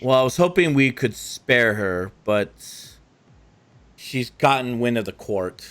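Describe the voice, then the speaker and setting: A man voicing a cold, calculating male vampire schemer who talks in a low, detached way. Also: lively intonation, slow pace, fairly bright tone, smooth.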